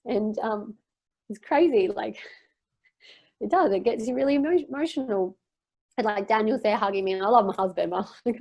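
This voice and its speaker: A woman's voice: medium pitch, brisk, a little mellow. Candid young woman sharing personal story. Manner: open and emotional, rambling with frequent fillers. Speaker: podcast guest.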